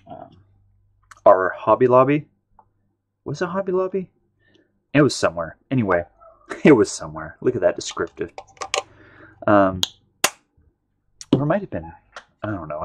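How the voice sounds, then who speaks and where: A man from the United States with a fairly low voice hosts a live painting stream. He chats casually to his viewers and rambles, often trailing off and starting his sentences again. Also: very animated, moderate pace, pauses often, a little hiss or hum. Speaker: livestream art host.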